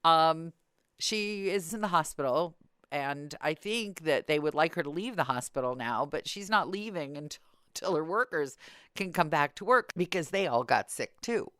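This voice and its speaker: Wry low-voiced woman podcast host. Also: expressive, normal speed, a bit bright, smooth, no echo, studio quality. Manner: wry, storytelling with acted-out quotes. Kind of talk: casual chat.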